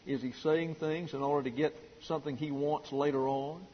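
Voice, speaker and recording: Husky preacher man in an echoing hall. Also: fairly high pitch, fairly even intonation. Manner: emphatic preaching, dwelling slowly on key words. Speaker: pastor. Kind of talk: sermon. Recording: dull lo-fi recording in a reverberant hall.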